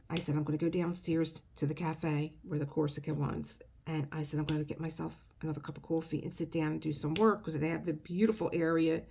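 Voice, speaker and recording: A woman's voice: deep voice, vocal fry, dark tone, slight background noise. A middle-aged woman telling a rambling, emotional story in a casual vlog. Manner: chatty, rambling, emotional, restarts often. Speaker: craft video creator.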